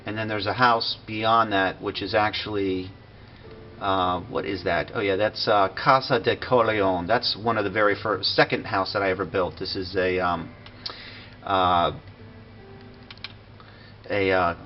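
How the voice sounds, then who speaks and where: A man giving a casual walkthrough of a building he made in a game, relaxed and full of fillers and pauses. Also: low-pitched. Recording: dull lo-fi recording with faint noise.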